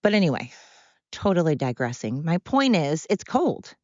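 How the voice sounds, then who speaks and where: Low-voiced rambling podcast woman. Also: very animated, normal speed, darkish tone, no echo, muffled recording. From Oregon, USA. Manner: chatty, self-deprecating, digressive. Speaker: podcast host. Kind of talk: casual rambling monologue. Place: home with dogs.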